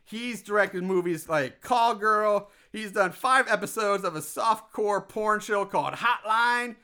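High, bright-voiced male podcast host. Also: unhurried, clean tone. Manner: loose and profane, joking sarcasm. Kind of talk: casual podcast chat.

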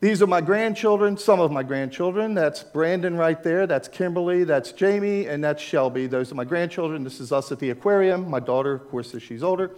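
An older American man with a Maryland accent gives a chatty, informal slide talk to a church group, wandering off on tangents and asking listeners to agree with him. His voice sits on the high side and is a little mellow, and he speaks briskly with hardly any pauses.

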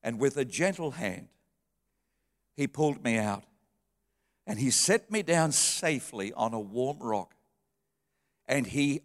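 A middle-aged man preaching a sermon, telling heartfelt stories and shifting from soft, quiet passages to lifted, emotional ones. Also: mid-range voice, lively intonation, slow, pauses often. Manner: heartfelt storytelling, dropping soft then rising. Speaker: pastor. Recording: long reverb of a hall.

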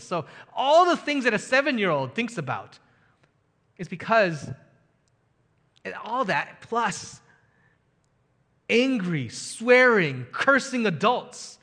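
A man's voice: a little high, sharp tone, long reverb tail. A man in his thirties preaching a sermon as pastor, telling a story earnestly and building to emphatic rhetorical questions.

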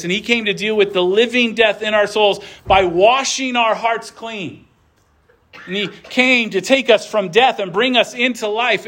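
A man's voice: high voice, sharp tone. A man preaching a sermon in a church, earnest and conversational, with asides to the congregation. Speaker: pastor.

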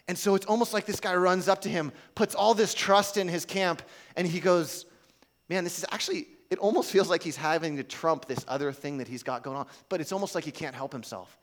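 A man's voice: high-pitched, a bit bright. Casual conversational male preacher. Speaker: pastor. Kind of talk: sermon.

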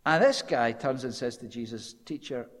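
A man preaching a sermon, telling the story with animation and dropping low and quiet when quoting. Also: very animated, moderate pace, big-room sound.

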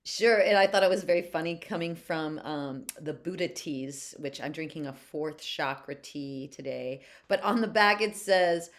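Low-voiced, rambling woman guest. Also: moderate pace, few pauses. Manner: rambling and giggly, with tangents. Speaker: podcast guest. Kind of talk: casual podcast chat.

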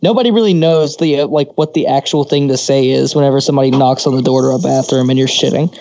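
A man's voice: medium pitch, fast talker, darkish tone, dry recording, lo-fi sound. A man co-hosting a podcast, telling crude stories casually, swearing freely and laughing often. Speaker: podcast co-host.

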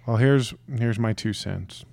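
A young man co-hosting a podcast with his wife, joking and sharing his opinions in a relaxed, drawn-out way. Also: on the low side, gravelly, no echo. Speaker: podcast co-host. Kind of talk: casual chat.

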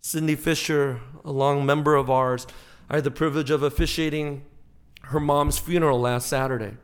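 A male pastor delivers a sermon in a slightly raised voice. He swings between loud, emphatic peaks and hushed, slowed passages, building up to his points and then pulling back. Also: on the high side, steady tone, smooth.

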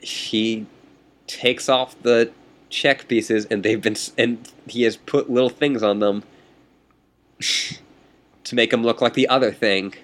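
A man's voice: medium pitch, steady tone, slow, long pauses, a bit bright. A man playing a game and reading its text aloud, casual and amused. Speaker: game player.

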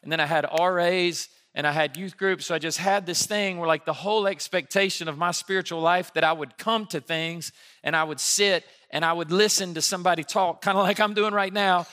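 A man from Alabama in his thirties, a pastor giving a sermon in a conversational, animated storytelling way. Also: sits high.

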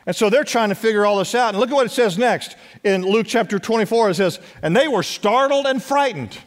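A man preaching a sermon as pastor, urging his congregation to respond and dropping at times to a hush. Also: high-pitched, fairly quick. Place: church sanctuary. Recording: long church hall reverb.

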